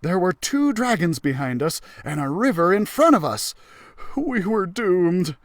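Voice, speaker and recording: A man who works as a librarian, reading a children's story aloud in an expressive, animated way. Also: high-pitched, measured pace, no room sound, clean studio sound.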